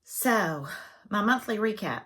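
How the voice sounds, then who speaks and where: A woman's voice: medium pitch, lively intonation, slow pace, bright, forceful tone, breathy edge. A woman chatting casually as a cross-stitch vlogger, self-deprecating and full of fillers. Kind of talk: casual chat.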